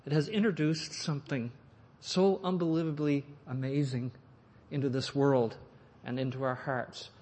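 Man preaching scripture, earnest, big then quiet, lots of hall echo. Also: medium pitch, steady tone, normal speed, few pauses. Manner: earnest, rising to emphatic phrases then dropping soft. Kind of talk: sermon reading and expounding scripture. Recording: echoey hall with long reverb.

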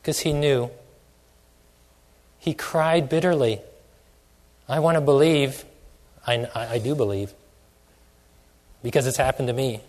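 A man's voice: medium pitch, unhurried, pauses often, darkish tone. A man preaching a sermon, asking many questions and stretching out phrases for emphasis. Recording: long hall reverb.

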